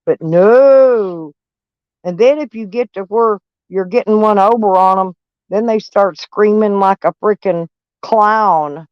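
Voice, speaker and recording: A woman's voice: mid-range voice, takes it slowly, clear, resonant tone, dry recording. A woman chatting casually on a live stream in a blunt, drawling way, often repeating herself. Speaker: van life vlogger. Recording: dull lo-fi sound.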